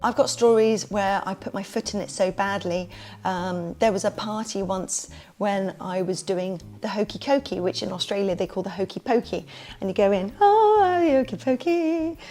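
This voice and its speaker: Woman, podcast guest, kids party business owner, casual storytelling, lively, acts out quoted voices, middle pitch. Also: moderate pace, soft background music.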